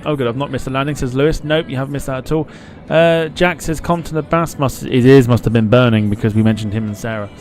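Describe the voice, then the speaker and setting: A man's voice: medium pitch, fast, hardly any pauses, darkish tone, a little hiss or hum. Chatty man hosting a stream. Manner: chatty, swears freely, reads chat aloud. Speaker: live-stream host. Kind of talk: casual live flight-sim stream commentary.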